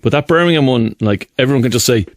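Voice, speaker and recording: A man's voice: mid-range voice, animated, fast talker, no echo, clean studio sound. A man co-hosting a radio show, asking long rambling chatty questions. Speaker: radio co-host. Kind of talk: radio interview chat. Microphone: studio microphone.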